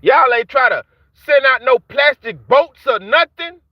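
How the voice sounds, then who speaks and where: Man vlogger, angry taunting rant, high voice, dull dry lo-fi sound from a car. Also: lively intonation, unhurried, no echo. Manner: heated, repetitive, taunting. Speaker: vlogger ranting at rappers. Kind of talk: angry street-talk rant to camera.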